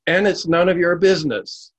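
A man voicing a big, drunk laborer who talks loudly and roughly. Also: medium pitch, animated, slow, dry recording. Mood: belligerent. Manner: loud and hostile, then broken.

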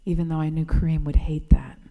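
A woman reading a personal essay aloud in a gentle, reflective storytelling way. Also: deep voice, steady tone, a little fast, long reverb tail. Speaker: narrator.

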